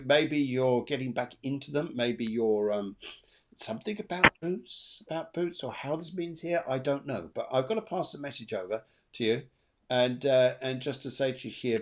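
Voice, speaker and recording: A man hosts a live psychic reading show. He is chatty and animated and laughs easily. His voice sits at a middle pitch. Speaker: medium and show host.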